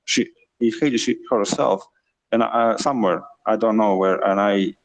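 Brief: low-voiced man chatting on a headset, halting and searching for words. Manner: hesitant, restarts and searches for words. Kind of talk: casual chat.

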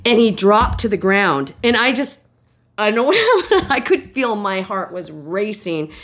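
A woman guest telling a story in a casual chat, animated, swearing casually and laughing often. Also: medium pitch, normal speed.

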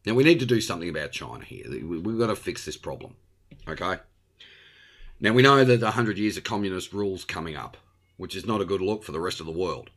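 Blunt Australian male host, opinionated monologue, very lively pitch. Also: a little fast. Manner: blunt and ranting, with frequent tag questions.

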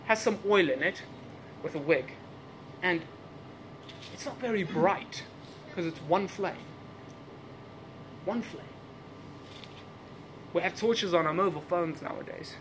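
A man's voice: sits high, slow, pauses often, noisy background. A man preaching a sermon in a church service, with English as his second language, asking repeated questions and laughing at his own asides. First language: not English.

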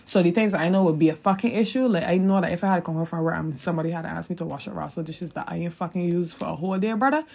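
A woman's voice: on the low side, racing, vocal fry, hardly any pauses, a little mellow, slightly rough. A woman in her twenties with a Caribbean English accent, hosting a solo podcast in a chatty, rambling way, swearing freely and laughing often. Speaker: podcast host. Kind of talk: casual solo podcast monologue.

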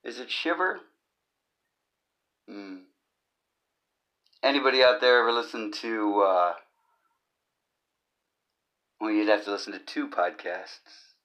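A man's voice: on the low side, sharp tone. A man hosting his own comedy podcast, talking in a rambling, awkward, jokey monologue. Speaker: podcast host. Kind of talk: casual comic monologue.

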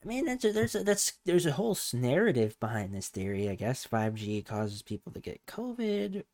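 A man's voice: medium pitch, very animated, normal speed, darkish tone. A man hosting a casual podcast, rambling and hesitant, often trailing off mid-thought. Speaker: podcast host.

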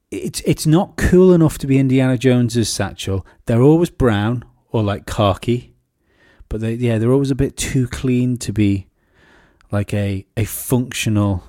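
A man, co-hosting a podcast and telling rambling, sweary stories in casual chat, often jumping into high mocking voices to quote people. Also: mellow, dry recording, clean studio sound. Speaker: podcast co-host.

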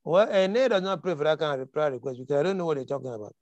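High-voiced preaching man, emphatic. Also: animated, rapid-fire, darkish tone, no echo, highs cut off. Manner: emphatic preaching, repeats key lines, quotes scripture dramatically. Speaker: pastor. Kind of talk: sermon.

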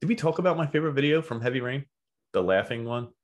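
A man's voice: mid-range voice, animated. A young man from Philadelphia with a Philly accent, co-hosting a podcast with playful jokes and wordplay. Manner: playful, wordplay, quick laughs. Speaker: podcast co-host. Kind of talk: casual podcast banter.

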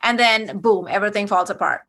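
A young adult woman from Kuwait, a podcast guest telling her personal story in a lively way, acting out quoted dialogue. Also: mid-range voice, a little fast. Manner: animated, acts out quoted dialogue.

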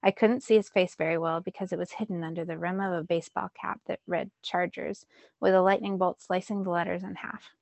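A woman teacher reading a children's novel aloud in a steady storytelling way. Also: on the low side, fairly quick, creaky, no echo.

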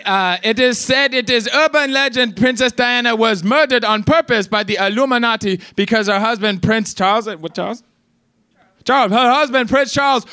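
A man's voice: very high voice, pushed and bright, dry recording, exaggerated voice. A man playing Gandhi at a stage roast, in a mangled put-on accent, firing off brash jokes and laughing at his own lines. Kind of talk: stand-up roast set. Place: comedy stage.

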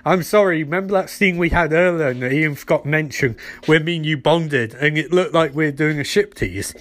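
A man's voice: fairly high pitch, moderate pace, natural voice. A man doing a fretting young woman scientist. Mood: anxious. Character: anxious young female scientist.

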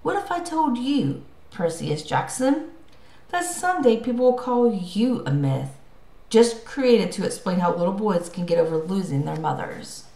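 A calm male centaur teacher speaks slowly and gravely, as a woman reads him aloud. His tone is measured and serious at a middle pitch. A roomy echo hangs on the voice.

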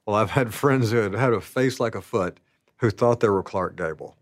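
A man in his sixties with a low voice, recounting stories from his life in a relaxed, rambling, self-deprecating way. He often drops "you know" asides. The sound is dry and close, with no room around it. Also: unhurried, no room sound. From American South. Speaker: actor telling his story. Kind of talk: reflective storytelling.

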